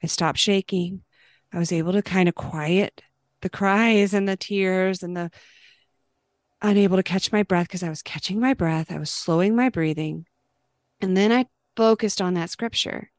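A woman's voice: fairly low pitch, steady tone, moderate pace, dry recording. Earnest middle-aged woman sharing her faith. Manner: earnest and gentle, dropping to a soft hush on prayers. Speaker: Christian speaker sharing her testimony. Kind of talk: personal faith testimony.

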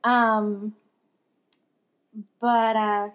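A woman's voice: fairly high pitch, little pitch movement, extremely slow, lo-fi sound. A woman co-hosting a book podcast in casual chat, rambling with fillers and restarts. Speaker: podcast co-host.

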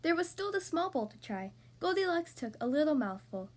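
A woman hosting a podcast, reading a storybook aloud to young children in an expressive, animated way. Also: high-pitched, fairly quick.

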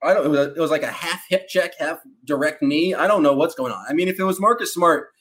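A man's voice: on the high side, fast, fairly bright tone. A man co-hosting a sports podcast, chatting loosely and joking, with fillers and trailing sentences. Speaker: podcast co-host. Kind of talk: casual sports podcast chat.

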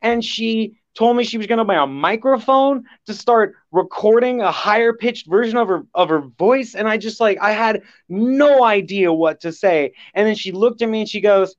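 Earnest, emotional man on a lo-fi podcast. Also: high-pitched. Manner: earnest, emotional, halting restarts. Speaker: podcast guest. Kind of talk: casual podcast chat.

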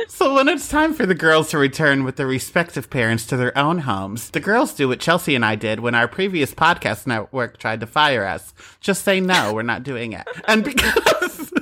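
A man co-hosting a podcast, chatting and joking about a film in quick, playful asides. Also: on the high side, pushed and bright. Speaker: podcast co-host. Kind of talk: casual chat about a film.

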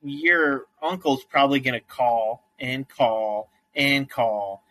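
A man's voice: mid-range voice, slow, a bit bright, no echo, poor audio. A man co-hosting a casual podcast, giving dry, teasing replies. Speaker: co-host.

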